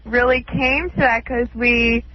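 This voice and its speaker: A woman's voice: a little high, steady tone, a little slow, a little hiss or hum. A woman guest on a radio show, talking in a loose, chatty way full of "like" and "you know.". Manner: chatty, loose, full of 'like' and 'you know'. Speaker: in-studio guest. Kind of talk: casual chat on radio. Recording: dull lo-fi radio broadcast.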